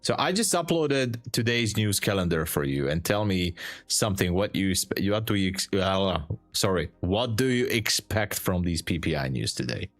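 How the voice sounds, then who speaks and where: A man's voice: deep voice, animated, moderate pace, faint music behind. A man streaming his live day trading, chatting casually and hesitantly, often restarting his sentences and teasing dryly.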